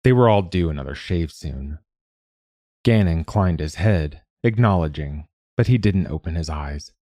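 A male narrator with a very low, dark voice reads a fiction story. He is measured and even, and the sound is dry and close. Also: no room sound.

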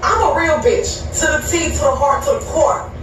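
A woman's voice: high voice, normal speed, very echoey, far from the mic, music in the background, rough recording. A woman telling a personal story in a brash, profane way, played from a clip.

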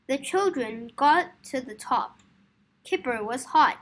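A woman reading a children's story aloud for English learners, slow, clear and careful. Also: sits high, lively intonation.

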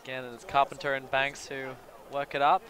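A man giving live play-by-play commentary at an outdoor sports field, breaking into excited exclamations on big plays. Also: medium pitch, fairly quick. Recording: crowd noise from an outdoor field.

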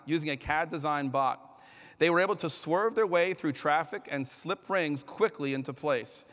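A man emceeing an award ceremony on stage, announcing loudly and energetically, with the occasional slip and self-correction, heard through an echoing arena sound system. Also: on the high side.

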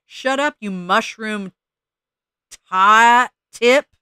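A shrill, hot-tempered little bird , as a man puts him on screeches insult after insult in a piercing, strained voice. The reading is storybook-style, close and dry. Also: very slow, sharp tone, clear, resonant tone, no room sound, exaggerated voice. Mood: furious. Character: shrill, furious little male songbird.

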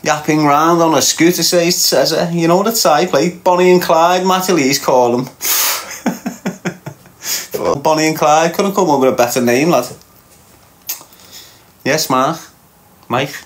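A man with a Liverpool Scouse accent hosting a livestream, reading viewer comments aloud and mocking them with banter and frequent laughs. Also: on the high side. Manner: mocking banter, laughs often, talks back to chat. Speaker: livestream host.

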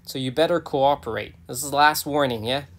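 A man's voice: medium pitch, a little fast, a bit bright, natural voice. A man playing a fed-up male animal rescuer who gives blunt, bossy warnings. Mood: stern.

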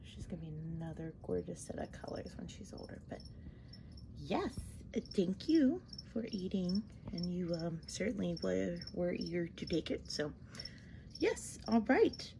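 A woman's voice: fairly low pitch, normal speed, creaky, noisy background. A woman hosting a casual vlog about her pet tarantulas, chatty and gushing as she talks to her spiders, with trailing fillers. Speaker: tarantula keeper vlogger.

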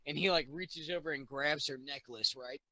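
A tipsy man in casual chat, retelling a movie plot in a rambling, profane, animated way. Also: on the high side, moderate pace, rough recording. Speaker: podcast guest.

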